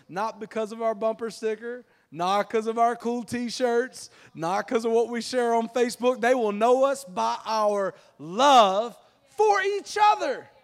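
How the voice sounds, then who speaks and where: Pastor guy preaching, pretty high voice, upbeat and jokey, gets the crowd to repeat stuff. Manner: lively, jokey, rallies congregation to repeat phrases. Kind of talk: sermon. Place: church auditorium with congregation.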